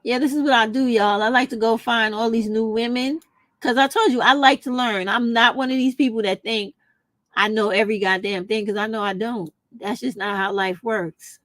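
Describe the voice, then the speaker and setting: A woman's voice: fairly high pitch, steady tone, moderate pace, fairly bright tone, dry recording. A woman vlogger in casual chat, talking straight to her viewers and calling them y'all. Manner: chatty, addresses viewers as y'all. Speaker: vlogger reacting to a video.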